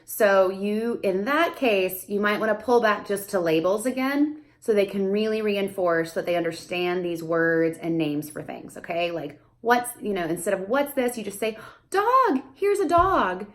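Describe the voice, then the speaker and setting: A young adult woman, a speech therapist, explaining casually to camera and breaking into high sing-song questions as if to a toddler. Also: lively intonation, normal speed.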